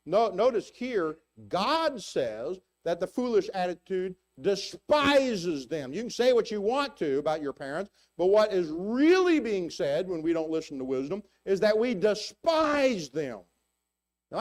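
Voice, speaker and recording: Older man preaching in a high voice. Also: very animated, a little mellow. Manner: conversational, halting, many restarts and fillers; rises in pitch for rhetorical questions. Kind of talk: sermon. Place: church.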